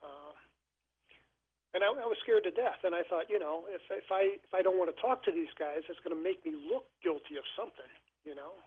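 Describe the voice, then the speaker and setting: A man with a somewhat higher, husky voice is calling in to a talk show to tell a story. He speaks haltingly and earnestly, often circling back to restart a phrase. The sound is thin and tinny, as on a telephone line. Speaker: caller. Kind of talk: telling a personal story on a call-in show.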